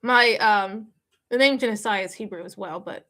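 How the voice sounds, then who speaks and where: A woman chatting casually on a live stream, answering viewer comments in a halting way full of restarts and fillers. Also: mid-range voice, bright, forceful tone.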